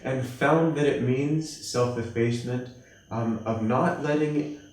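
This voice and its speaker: A man giving a spiritual class, telling stories gently and acting out the voices of the people in them. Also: unhurried. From United States. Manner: gentle, storytelling, acts out quoted voices with rising pitch. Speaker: class teacher at a monastery. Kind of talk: spiritual class talk with acted anecdotes. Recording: echoey room from a distance.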